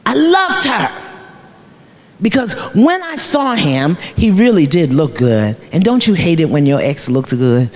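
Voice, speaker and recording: A woman's voice: low voice, big pitch swings, normal speed, hardly any pauses, a little mellow. A middle-aged woman, a life coach, giving a storytelling motivational speech in a preacherly way, repeating phrases for emphasis and laughing often. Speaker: keynote speaker, life coach. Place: large luncheon hall.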